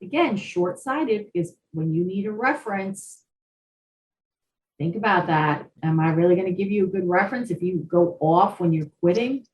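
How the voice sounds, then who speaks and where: A woman co-hosting a career podcast, chatting in a lively, talkative way and telling anecdotes. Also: fairly low pitch, normal speed, dull audio. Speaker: podcast co-host, career coach. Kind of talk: casual chat. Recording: roomy, distant mic, faint background noise.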